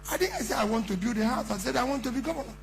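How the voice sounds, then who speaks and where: At a conference, a politician in middle age delivers a fervent campaign speech with a Nigerian accent, hammering his points and posing rhetorical question after rhetorical question. His very high, creaky voice races along with lively intonation, and the low-quality recording has a slight hiss or hum.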